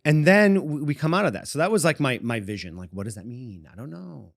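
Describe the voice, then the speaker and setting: A man's voice: a little high, expressive, a little fast, vocal fry, no room sound, clean studio sound. A man in his forties from Boston, co-hosting a podcast and telling a long personal story in a meandering way, chuckling often. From Boston, USA. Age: 40s. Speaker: podcast co-host. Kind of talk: casual storytelling.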